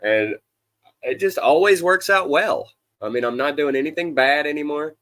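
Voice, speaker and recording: Bright-voiced easygoing man. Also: on the high side, normal speed, dry recording, clean studio sound. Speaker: panel guest. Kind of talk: casual live-stream chat.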